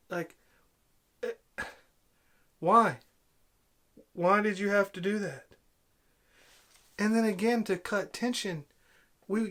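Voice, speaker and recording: Guy ranting about a movie, sarcastic and fed up, kinda high voice. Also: fairly bright tone. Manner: sarcastic, exasperated, repeats himself. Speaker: video blogger. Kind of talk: angry movie review rant.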